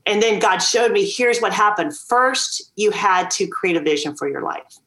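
A woman's voice: mid-range voice, lively intonation, moderate pace, a bit bright. A woman guest on a video call, earnestly and emphatically telling her story as a mother. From Virginia. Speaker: podcast guest. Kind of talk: candid storytelling interview.

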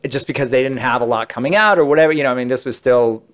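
A man at an ordinary middle pitch spins casual, rambling anecdotes as a podcast guest. He talks in a chatty way, trailing into asides and restarts. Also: very fast. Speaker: entertainment interviewer, podcast guest.

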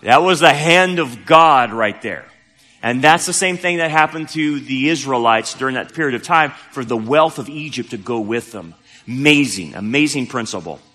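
This pastor's sermon, recorded in a church hall that echoes with long reverb, comes in a mid-range voice that's bright, forceful and animated, moving at a moderate clip. His storytelling stays casual and chatty, punctuated by emphatic upswings.

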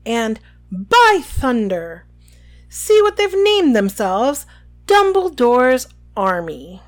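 A woman reading aloud and voicing a pompous, gloating male minister who keeps bursting out in excitement. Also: extremely slow, heavily acted. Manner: loud excited outbursts, high and pushed.

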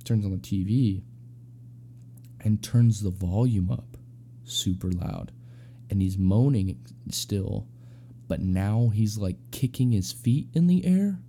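A young man rambles through a personal story in slangy, filler-heavy talk. His voice is very dark and mellow, sitting low with a gravelly edge. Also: animated, takes it slowly, slight background noise. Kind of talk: casual spoken anecdote.

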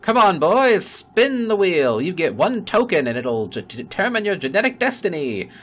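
A man putting on the voice of a pompous old-timey small-town barker, loud and preachy. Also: high voice, big pitch swings, normal speed, slight background noise, pitched above the performer's own voice. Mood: blustering.

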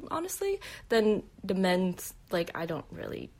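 A woman's voice: fairly low pitch, huge pitch swings, unhurried, a little mellow. A woman who immigrated to the United States, a comic artist talking casually as an interview guest, hesitant, with many fillers and restarts.

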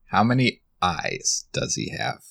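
A man's voice: on the low side, animated, measured pace, gravelly, fairly bright tone. A man playing in a tabletop role-playing game, talking casually and thinking aloud about what his character does. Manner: easygoing, thinks aloud with fillers. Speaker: player.

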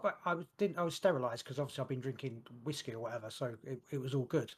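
A man's voice: mid-range voice, rapid-fire, breathy edge. A man co-hosting a podcast, talking in a rambling, cheeky way and often repeating words. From United Kingdom. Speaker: podcast co-host. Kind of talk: casual podcast chat.

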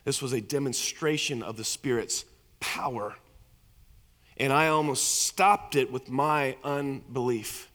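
Earnest middle-aged pastor in an echoey hall. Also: male voice, mid-range voice, a little slow, a bit bright. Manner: earnest, repeats words while building emphasis. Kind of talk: storytelling sermon. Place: church sanctuary.

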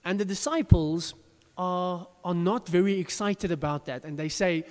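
Man, pastor, high voice, conversational sermon, self-deprecating, long church-hall reverb. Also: expressive, moderate pace.

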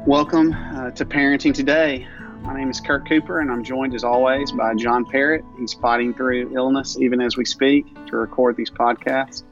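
Gravelly sleepy man on a podcast. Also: mid-range voice, little pitch movement, moderate pace, dull audio, music in the background. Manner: dry teasing, many fillers. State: sleepy, early morning. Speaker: podcast co-host. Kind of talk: casual podcast chat.

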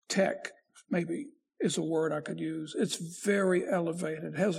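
Raspy high-voiced preaching pastor. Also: male voice, darkish tone. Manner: preaching with emphatic rises and slow drawn-out phrases. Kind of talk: sermon.

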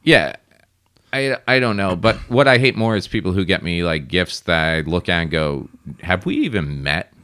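Deep-voiced man chatting. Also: moderate pace, smooth, no echo, studio quality. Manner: animated storytelling, mimics people in high voices. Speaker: podcast co-host. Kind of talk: casual chat.

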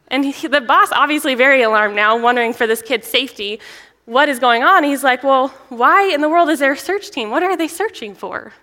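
A young woman, a children's ministry director, preaching a sermon in a church, chatty and lively, often laughing as she tells a story. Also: a little high. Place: church sanctuary. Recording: long reverb of a large hall.

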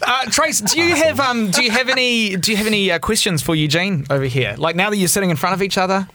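A man's voice: high voice, quick pace, bright, forceful tone. A man hosting a dating chat, enthusiastic and encouraging as he guides the guests. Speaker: host. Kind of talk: casual chat.

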